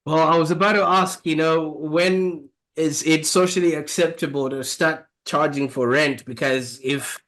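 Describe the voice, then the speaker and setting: A man's voice: fairly high pitch, steady tone, measured pace, hardly any pauses, fairly bright tone. A man hosting a podcast, asking long questions that ramble with many fillers and restarts. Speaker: podcast host. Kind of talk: interview questions.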